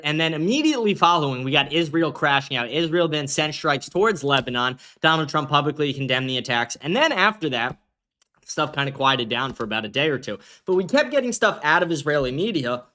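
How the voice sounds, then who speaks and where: A man's voice: fairly high pitch, animated, fairly quick, sharp tone. A man hosting a livestream commentary show from a green-screen studio, ranting in a brash, profane way. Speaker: host.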